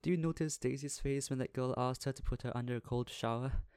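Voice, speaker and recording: A man's voice: mid-range voice, steady tone, quick pace, a little mellow, clean tone, no room sound, studio quality, pitched above the performer's own voice, close to an everyday voice. A man voicing a blunt, suspicious wealthy young husband in a storybook reading, with a scornful manner.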